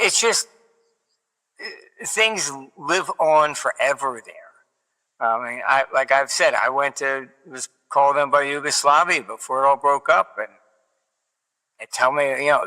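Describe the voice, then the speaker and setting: A man's voice: medium pitch, pushed and bright, long reverb tail, rough recording. An older man giving an interview, telling wry, digressive anecdotes in a matter-of-fact way. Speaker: interview guest, market forecaster. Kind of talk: rambling anecdotal interview talk.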